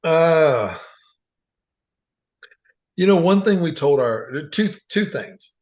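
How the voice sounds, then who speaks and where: A man's voice: fairly high pitch, animated, slow pace, a little mellow. A man telling earnest stories as a podcast guest, rambling with frequent restarts. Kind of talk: casual storytelling. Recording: dull lo-fi sound.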